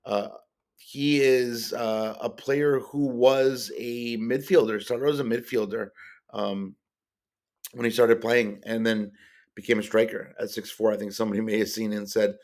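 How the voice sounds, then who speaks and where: A man's voice: on the low side, fairly even intonation, measured pace, darkish tone. A man hosting a solo podcast, talking casually about soccer players, rambling with many fillers and stopping to correct himself. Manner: rambling, many ums and uhs, self-correcting. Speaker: podcast host. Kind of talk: casual solo sports-card podcast talk.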